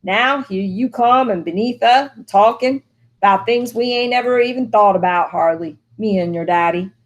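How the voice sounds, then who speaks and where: A woman reading the part of a stern, weary older mother, speaking earnestly with her pitch lifted above her usual voice. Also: normal speed, lo-fi sound, natural voice. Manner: earnest, pleading, dialogue read with a lifted pitch.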